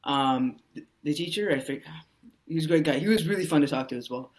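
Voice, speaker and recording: A man's voice: a little high, fast talker. A man, an actor appearing as a podcast guest, speaking casually and rambling with lots of "you know" fillers.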